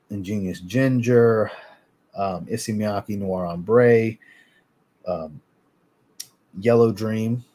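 A man hosting a casual livestream, reading viewer comments aloud and answering them in a relaxed way. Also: on the low side. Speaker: fragrance livestream host.

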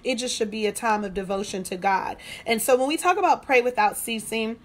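A woman's voice: fairly high pitch, fairly quick. A woman hosting a devotional study, speaking in a conversational, testimonial way and repeating phrases for emphasis. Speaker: devotional host. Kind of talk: devotional teaching.

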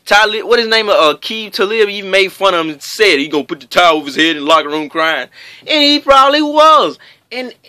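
A man's voice: high voice, sharp tone, dry recording, studio quality. A man delivering a heated, profane sports rant in his own vlog. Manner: heated, profane, emphatic ranting. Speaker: sports vlogger. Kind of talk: profane ranting commentary.

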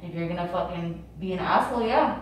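A woman's voice: on the low side, quick pace. A woman in her twenties arguing with her fiancé in a prank vlog, sleepy and then cursing and roasting him. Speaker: vlogger. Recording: echoey room from far off.

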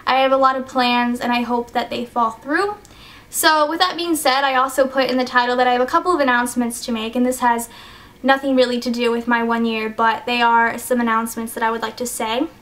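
High-voiced teenage girl, rambling vlog. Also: fairly even intonation, a little fast, fairly bright tone. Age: teens. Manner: rambling, hesitant, many ums and likes. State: choked up, sniffly. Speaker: YouTuber. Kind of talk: casual vlog talk.

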